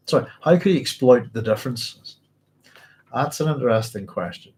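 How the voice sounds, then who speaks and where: A man's voice: medium pitch, a little fast, a little mellow. A man hosting a casual book club discussion from home, chatty and rambling, laughing easily.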